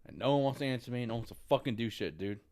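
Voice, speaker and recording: A man's voice: medium pitch, animated, racing, a little mellow. A man venting in a frustrated, repetitive monologue, swearing constantly and ending lines with "dude.". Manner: frustrated ranting, heavy swearing, repeats "dude". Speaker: vlogger.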